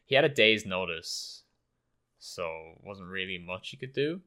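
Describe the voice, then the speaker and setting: Deep-voiced, bright-toned young man. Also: a little slow, clean tone. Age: young adult. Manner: relaxed, swears casually. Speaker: university student. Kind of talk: casual chat.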